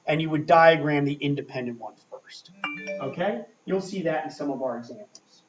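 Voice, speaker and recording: A man teaching a grammar lesson at a board, talking slowly and checking in often with "okay?". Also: a little high, music in the background. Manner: slow, checking in with frequent "okay?". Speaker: English teacher. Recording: echoey room, mic far off, dull lo-fi sound.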